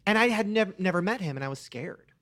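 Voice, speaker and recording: Lively giggly male podcast host. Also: sits high, fast talker. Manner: giggly, animated storyteller. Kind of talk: casual chat.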